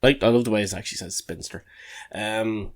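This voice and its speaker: A man's voice: fairly low pitch, fairly even intonation, a little fast. A man co-hosting a podcast, joking, swearing and mocking himself in casual banter. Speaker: podcast co-host.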